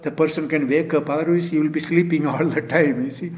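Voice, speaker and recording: An older man giving a Zen dharma talk, unhurried, often chuckling and adding "you see" to his points. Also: on the high side, steady tone, darkish tone. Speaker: Zen teacher.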